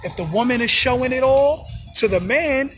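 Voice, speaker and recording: A man talking in a casual monologue, animated, full of street slang, often acting out other people's voices. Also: extremely high pitch, normal speed. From New York. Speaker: host. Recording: music in background.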